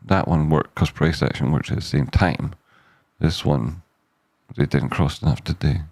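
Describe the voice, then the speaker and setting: Gravelly man rambling over charts. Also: very deep voice, normal speed, a little mellow, no room sound, studio quality. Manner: rambling, self-interrupting, jokey asides. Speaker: stock chart analyst host. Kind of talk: casual live market analysis.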